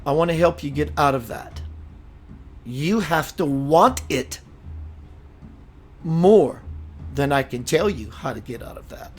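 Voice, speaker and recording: A man's voice: a little high, a little slow, pauses often, breathy edge. A man hosting a live spiritual talk show, speaking emphatically and calling his viewers sister and brother as he reads their comments.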